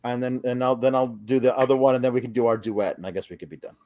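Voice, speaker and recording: A man's voice: mid-range voice, steady tone, fast talker, a little mellow. A man chatting casually on a live stream, stammering and rambling with lots of fillers as he answers chat requests.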